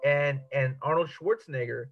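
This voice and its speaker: A man's voice: mid-range voice, normal speed, faint music behind. A man in casual conversation who stumbles over his words and picks apart small details with amused disbelief. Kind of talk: casual chat. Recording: dull lo-fi audio.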